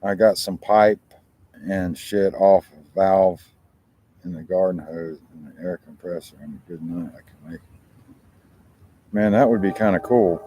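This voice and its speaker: A man's voice: sits low, a little slow, long pauses, dark tone, slightly rough. A man with an American accent, hosting a talk show and chatting casually to his viewers in a rambling, profane way. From United States.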